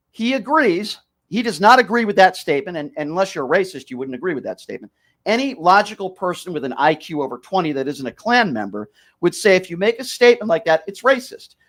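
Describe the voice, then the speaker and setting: Sitting high and a bit bright, the man's voice belongs to a talk show host in a heated call-in dispute. He argues combatively with the caller, pressing one question again and again.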